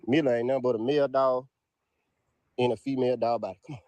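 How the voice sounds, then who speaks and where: A man's voice: mid-range voice, steady tone, fast, dark tone, no room sound. Guy hyping his dogs, says y'all every other word, dry close sound, outside. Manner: drawls "y'all" constantly, Southern US dialect. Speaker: dog breeder selling dogs. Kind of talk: casual sales pitch to viewers. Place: outdoors in a yard.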